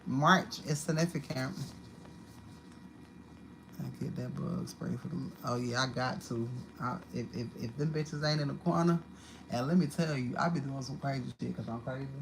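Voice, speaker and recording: A woman's voice: very deep voice, normal speed, slight background noise, rough recording. A woman giving a live-streamed tarot card reading at home, talking in a blunt, profane and repetitive way. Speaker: tarot reader. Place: home apartment.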